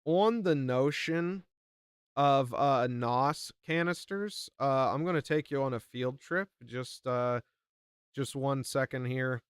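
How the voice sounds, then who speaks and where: A man's voice: medium pitch, takes it slowly, clear, resonant tone, no echo, clean studio sound. A man streaming live and reacting to videos, talking casually with lots of fillers and plenty of swearing. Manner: rambling and profane, with frequent fillers. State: frustrated by buffering.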